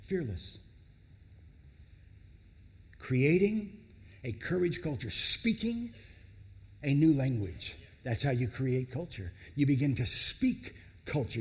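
With a gravelly, high and lively voice, a pastor delivers a dramatic, emphatic sermon full of long pauses. The sound rings out in a large, reverberant hall.

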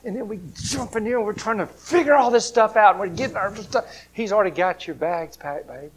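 A man's voice: high-pitched, a little fast, a little hiss or hum. Man preaching a sermon. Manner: storytelling, swings from loud to hushed, acts out voices.

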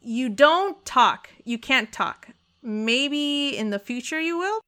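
A woman narrating as dungeon master in an upbeat, quick manner, explaining rules as she goes. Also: high-pitched, lively intonation, pushed and bright. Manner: upbeat, quick, laughs often. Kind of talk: narrating and explaining a tabletop game.

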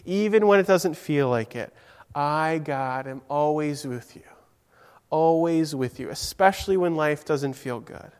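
Soft-spoken comforting God as a preacher puts him on, slow and reassuring, fairly high voice, echoing hall. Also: male voice. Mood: tender, comforting. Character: gentle comforting God, calm and tender.

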